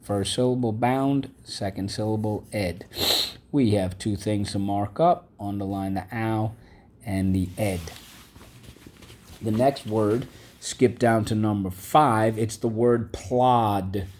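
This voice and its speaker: A man's voice: lowish voice, slow pace, darkish tone. A man teaching a vocabulary and phonics lesson, patiently repeating each word and asking the class to say it back. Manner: patient, repeats words and asks the class to echo them.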